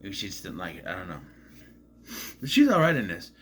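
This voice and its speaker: A man's voice: low voice, wildly swooping pitch, a little fast, a little hiss or hum. A man casually recapping a movie in a rambling, musing way, often admitting he is unsure. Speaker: movie reviewer.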